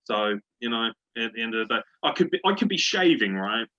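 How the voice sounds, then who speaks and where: A man's voice: medium pitch, expressive, brisk, pushed and bright, a little hiss or hum. A man hosting a sports podcast, ranting and swearing at a refereeing decision in casual chat. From Britain. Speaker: podcast host. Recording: dull lo-fi podcast audio.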